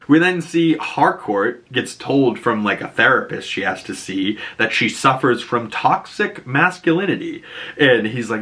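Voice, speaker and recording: Bright-voiced Boston guy recapping TV. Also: mid-range voice, expressive, moderate pace. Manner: loose rambling retelling, often laughing. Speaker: TV recap YouTuber. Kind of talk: casual episode breakdown.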